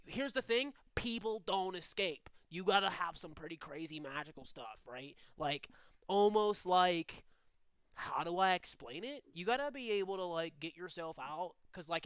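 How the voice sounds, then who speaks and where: A huge bird demon that talks like a chilled-out surfer bro, as a man puts him on in a tabletop game. The voice is bright and lively, bouncing up and down, sitting high in a dry, close room. Loose, drawling and relaxed. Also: normal speed, smooth, no echo. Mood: casual. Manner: drawling slacker talk full of "like" and "dude". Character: laid-back surfer-dude male bird demon doorman.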